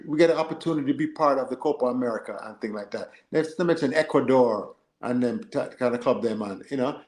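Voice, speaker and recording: Animated man in an echoey room. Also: a little high. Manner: animated, joking, talks back to chat. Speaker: livestream co-host. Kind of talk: casual live stream commentary reading chat.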